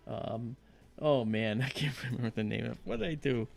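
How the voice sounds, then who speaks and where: Gravelly man telling a story animatedly. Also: a little fast. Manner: animated storyteller, acts out quotes in high voices. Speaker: livestream host. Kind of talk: casual storytelling chat.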